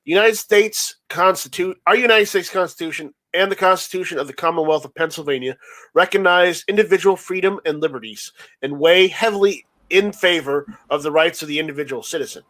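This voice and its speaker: A male host with a high voice reads a statement on a video call. He halts and restarts often, tripping over words as he goes. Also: a bit bright, poor audio. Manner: stumbling, halting reader. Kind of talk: casual chat and reading a statement aloud.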